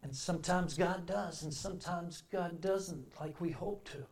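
A man delivers a sermon in a fairly high voice. He builds to loud, emphatic declarations, then drops into quiet, reflective passages. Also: measured pace, creaky. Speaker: preacher.

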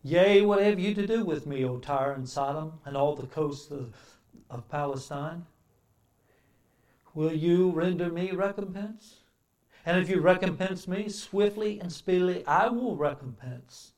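A man preaching a sermon, swinging between loud emphatic declarations and quiet, reflective passages. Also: high-pitched, unhurried.

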